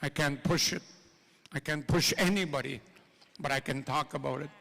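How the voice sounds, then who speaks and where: A man's voice: on the high side, normal speed, vocal fry, sharp tone. A man giving an impassioned speech at a gathering, repeating his points and addressing the audience directly. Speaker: speaker at a treaty gathering. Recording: long hall reverb.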